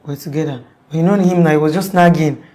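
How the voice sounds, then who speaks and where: A young woman with a Nigerian accent speaks in a somewhat low voice. She tells her account in a loose, rambling way and keeps restarting her sentences. Her talk is full of "like" fillers, as in a casual interview. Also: fast, warm tone.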